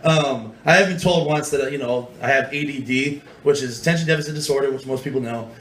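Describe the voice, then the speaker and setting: A man's voice: mid-range voice, a little fast, a bit bright, a little hiss or hum. A young man doing nervous, rambling stand-up comedy at an open mic, acting out voices in his stories. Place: small club open mic, live room. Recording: echoey room with faint ambience.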